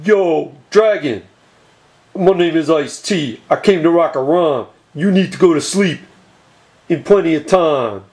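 A man's voice: a little high, lively intonation, measured pace, a little mellow. A man doing a silly impression of a tough-talking rapper in a home-made comedy movie, full of slang and rhymes. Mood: swaggering. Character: impression of a swaggering male rapper.

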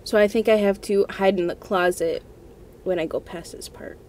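A woman hosting a let's-play of a scary game from her room at home, her voice sitting at a middle pitch. She talks to herself in jittery, repetitive bursts. The commentary is nervous and unscripted throughout. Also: fairly even intonation, moderate pace, a little mellow, slight background noise. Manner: jittery, nervous self-talk, repeats herself. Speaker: gaming channel host.

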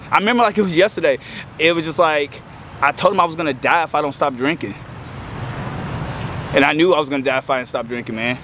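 A man in his thirties telling his recovery story emotionally, halting and choking up, with frequent restarts. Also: on the high side, fairly bright tone. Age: 30s. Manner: halting, choked up, breaks off with restarts. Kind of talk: emotional personal testimony. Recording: outdoor street noise with passing cars.

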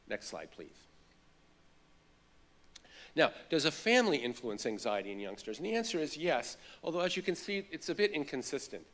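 A man's voice: fairly high pitch, moderate pace, long pauses. A middle-aged man, a child psychologist, giving a keynote lecture and telling stories with animation. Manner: animated storytelling.

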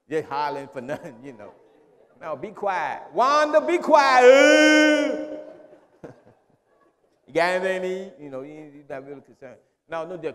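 Male pastor, high-pitched, conversational sermon. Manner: repetitive, conversational preaching with restarts.

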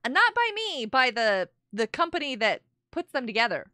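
A woman's voice: on the high side, very animated, normal speed, sharp tone, dry recording, studio quality. A woman live streamer chatting casually with her viewers, giggling often and reading the chat aloud. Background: faint music.

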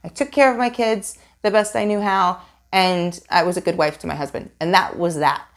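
A woman's voice: fairly low pitch, moderate pace. Chatty middle-aged woman with New York accent. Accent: New York, softened by Southern California. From Long Island, New York. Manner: chatty and animated, frequent fillers and laughs. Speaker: resin art YouTuber. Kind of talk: casual Q&A vlog.

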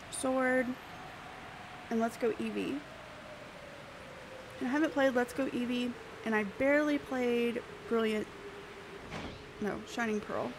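A woman's voice: on the high side, background noise. A woman live-streaming a game, chatting playfully with her viewers. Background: background music.

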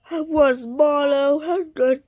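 A woman acting out a toy play in many quick voices, excitable and switching between shouts and mutters. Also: high voice.

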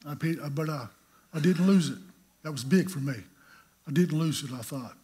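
A middle-aged preacher tells his story in a folksy, homespun way. His slightly high voice has a husky edge, and he acts out scenes with sudden loud bursts. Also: normal speed. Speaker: pastor. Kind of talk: sermon.

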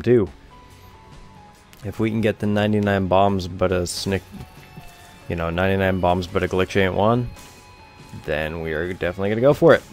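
A man's voice: sits low, a little mellow. A young man giving rambling, offhand let's-play commentary over a video game, swearing casually. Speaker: gameplay commentator.

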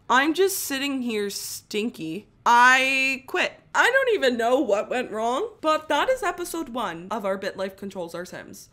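A young woman giving casual, excitable commentary while playing a life-simulation game. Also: on the high side. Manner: excitable, exclaiming and chatty. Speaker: gaming YouTuber.

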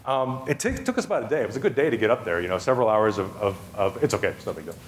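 A man's voice: on the low side, lively intonation, very fast, a little hiss or hum. Chatty man telling a funny story. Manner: chatty and self-amused, with frequent "you know" asides and restarts. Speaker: festival speaker. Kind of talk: humorous storytelling talk. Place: stage at an arts festival.

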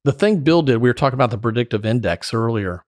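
A man's voice: mid-range voice, fast, dry recording, studio quality. A middle-aged man telling stories with lots of laughter as a podcast guest. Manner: animated storyteller, laughs often. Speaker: podcast guest, former sales director. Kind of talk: casual storytelling interview.

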